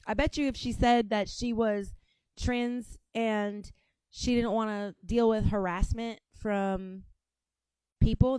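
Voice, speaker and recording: Woman, Appalachian-raised host, mocking commentary, dry room, mid pitch. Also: a little mellow, clear, resonant tone, dry recording. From Appalachia, United States. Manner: sassy, mocking asides. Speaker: host reacting to clips. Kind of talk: casual commentary.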